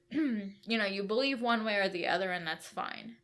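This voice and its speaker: A woman's voice: mid-range voice, expressive, normal speed, a bit bright. A woman co-hosting a podcast, explaining a book's ideas step by step and checking in with "right?" as she goes. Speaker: podcast co-host. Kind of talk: conversational book discussion.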